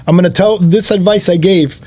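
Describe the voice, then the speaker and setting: A man hosting a casual chat, telling an animated story and acting out the other people's voices. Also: sits high, a little fast, husky. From Miami area. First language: not Spanish first; speaks English and Spanish. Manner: animated, acts out voices in his stories. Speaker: host.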